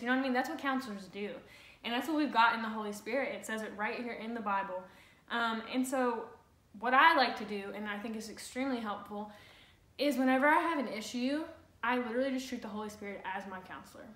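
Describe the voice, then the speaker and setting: A woman's voice: fairly high pitch, quick pace, a bit bright. A woman co-hosting a casual talk on the Bible, chatty and full of fillers and restarts. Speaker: co-host. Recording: echoey room.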